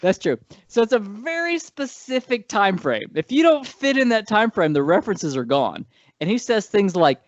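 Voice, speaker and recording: A man co-hosting a casual movie-review podcast, rambling and animated, often correcting himself mid-sentence. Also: high-pitched, normal speed, no room sound. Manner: rambling, animated, frequent self-corrections and laughs. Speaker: podcast co-host. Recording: dull lo-fi dry sound.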